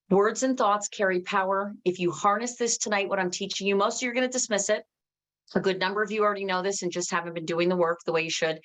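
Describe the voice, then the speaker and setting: A woman giving an emphatic motivational training talk to her team, talking quickly and restarting often. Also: medium pitch. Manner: energetic, emphatic, reads out viewers' comments.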